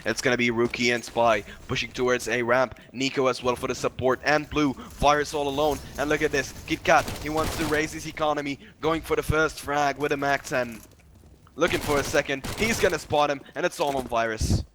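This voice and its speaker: A man calls an esports shooter match play-by-play, voice climbing when the action heats up. Game gunfire and clicks run loudly under his commentary on a noisy stream. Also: brisk. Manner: excitable, rising pitch on big plays. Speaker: esports caster. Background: game sounds, gunfire.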